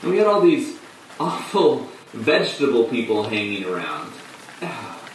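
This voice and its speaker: An actor playing a male off-off-Broadway performer who tells his story in a halting way, with dark, bitter laughs. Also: medium pitch, sing-song, slight background noise. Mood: rueful. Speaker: actor in a monologue. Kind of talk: stage monologue on film. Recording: distant echoey room with rain.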